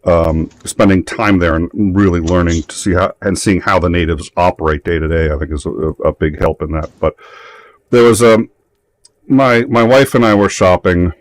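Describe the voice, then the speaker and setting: A man in casual conversation, telling anecdotes with frequent laughs and halting restarts. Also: deep voice, fairly even intonation. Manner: chatty storyteller, laughs often, halting restarts. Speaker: talk show participant. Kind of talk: casual chat.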